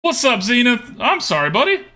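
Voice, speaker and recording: A man's voice: very high-pitched, huge pitch swings, brisk, sharp tone. A man streaming a card game, thinking aloud about his plays and chatting casually with viewers.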